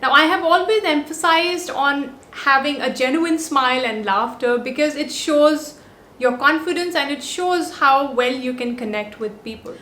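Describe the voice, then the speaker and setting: A vlog host covering body language, she speaks at a moderate pace in a high, bright voice with a forceful tone, stressing each scripted point upbeat and emphatic. Her compact on-camera mic picks up a roomy echo.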